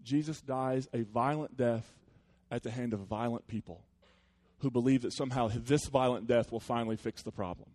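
A man preaching a sermon sounds earnest and conversational, like talking with friends, at a middle pitch, and then turns quieter and reflective. He keeps a moderate pace.

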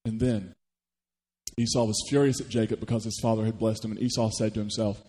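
A man preaching a sermon, retelling a story with animated rhetorical questions to the congregation. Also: fairly low pitch, fairly quick, in a large hall. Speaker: pastor. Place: church.

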